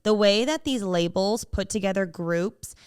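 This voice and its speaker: A young woman on a podcast with a smooth, clean voice, recorded close and dry with no room sound. She chats casually, full of fillers, and gets openly emotional as she tells her stories. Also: mid-range voice, measured pace, a little mellow, no echo. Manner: chatty, emotional storytelling with many fillers. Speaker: podcast co-host. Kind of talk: casual chat.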